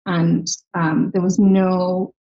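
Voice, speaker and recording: A fairly low-pitched woman with a softened Irish accent speaks as a podcast interview guest, telling her story earnestly. The audio is a little dull and lo-fi. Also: takes it slowly. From Ireland. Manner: earnest storytelling, lively quoted voices. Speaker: guest, health tech founder.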